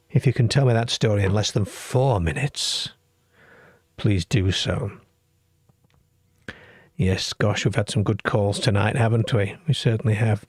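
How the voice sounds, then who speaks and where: Hosting a late-night call-in radio show, a UK man chats easily and reads listener comments aloud. His low voice has a gravelly, husky grain and a darkish tone, recorded dry and close to the mic with no echo.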